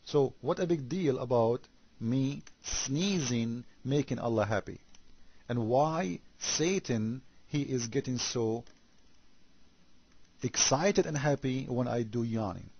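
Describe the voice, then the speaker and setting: A man giving a sarcastic critical commentary monologue, firing off rhetorical questions and stumbling into halting repetitions. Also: medium pitch, breathy edge, no room sound, highs cut off.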